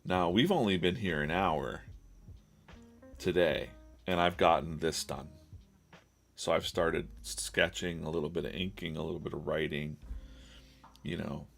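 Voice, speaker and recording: A man's voice: low voice, unhurried, vocal fry, long pauses, fairly bright tone, soft background music. A man streaming live while drawing comics, chatting casually and rambling, with lots of laughs and silly quoted voices.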